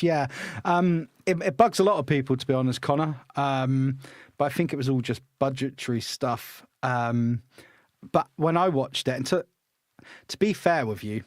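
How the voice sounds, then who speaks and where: A man's voice: medium pitch, normal speed, dry recording, studio quality. A man hosting a film podcast, chatting with enthusiasm and often stumbling over his restarts. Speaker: podcast host. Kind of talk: casual film-review chat.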